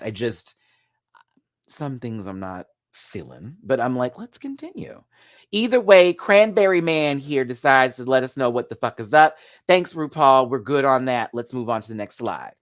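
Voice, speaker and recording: A man giving a sassy, animated live video review of a drag competition show, laughing often as he talks. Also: mid-range voice, moderate pace, dry recording, clean studio sound.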